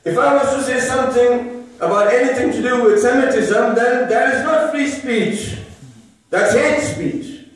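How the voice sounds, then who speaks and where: A man delivers a religious lecture to a live audience, hammering his points home through repetition and rhetorical questions. His voice sits very high for a man. It comes from some way off the mic and rings through a strongly echoing room. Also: a little slow. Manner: emphatic, repeats phrases and asks rhetorical questions. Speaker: religious speaker. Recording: very echoey room, voice from far off. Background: listeners murmuring responses.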